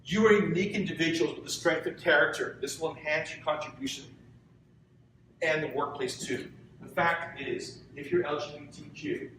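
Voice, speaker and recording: A man's voice: a little high, fairly bright tone, a little hiss or hum. A middle-aged man giving an earnest, conversational talk to students and putting questions to his audience. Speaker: guest lecturer. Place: lecture room. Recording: very echoey hall, voice from far off.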